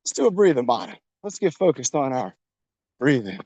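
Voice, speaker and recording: A man's voice: mid-range voice, very animated, brisk, dark tone, dry recording, dull audio. A man coaching a workout while jogging outdoors, encouraging and a little out of breath. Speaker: fitness coach. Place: outdoors on a trail.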